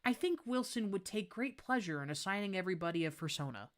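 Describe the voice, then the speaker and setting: A young adult woman chatting casually on a livestream while she draws, excitable and gushing, laughing often. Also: medium pitch, fast. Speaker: art streamer.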